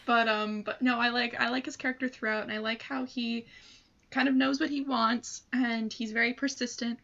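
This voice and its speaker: Bright young woman, slightly muffled. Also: fairly high pitch, level tone. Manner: gushing, halting, with many fillers and laughs. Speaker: podcast co-host. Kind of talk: casual movie discussion.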